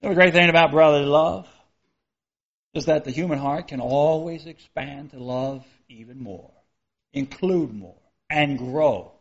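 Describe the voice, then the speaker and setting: A man's voice: fairly high pitch, measured pace, lo-fi sound. A man preaching a sermon in a folksy, conversational way, reading scripture and asking his listeners rhetorical questions.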